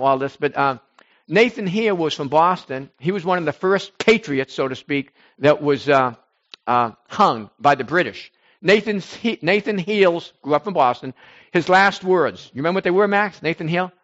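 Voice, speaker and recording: High-voiced rambling male preacher. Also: moderate pace, lo-fi sound. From United States. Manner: rambling, animated, swings loud and soft. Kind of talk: informal sermon to a small group.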